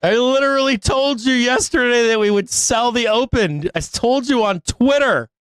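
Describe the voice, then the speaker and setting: A man's voice: extremely high pitch, moderate pace, fairly bright tone, clean tone, dry recording, low-quality recording. A man hosting a live stock market show, ranting in exasperation with frequent laughter and cursing. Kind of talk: live-stream rant.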